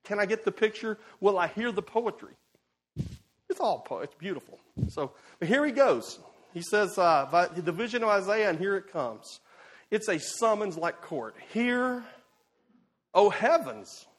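This expository sermon comes from a man with a high voice speaking at a normal speed. His delivery is emphatic and lively, moving between loud bursts and hushed asides.

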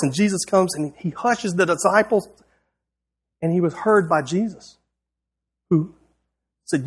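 High-voiced guy preaching, reading his text out in an earnest rhythmic way. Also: a little slow, pauses often, slightly rough. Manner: earnest, rhythmic, with a repeated refrain. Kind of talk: sermon, reading a prepared text aloud.

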